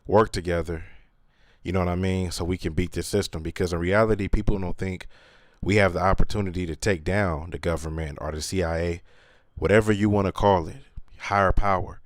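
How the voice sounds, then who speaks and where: A man's voice: deep voice, fairly even intonation, brisk, dry recording, clean studio sound. A man hosting his channel in a casual, earnest monologue, talking slangy with many fillers. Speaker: channel host.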